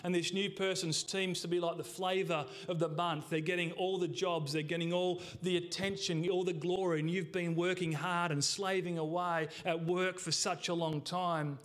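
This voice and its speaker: A man, a pastor, preaching a sermon to his congregation, emphatic, slowing key words and dropping to a hush. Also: sits high, flat delivery. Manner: addresses the congregation directly.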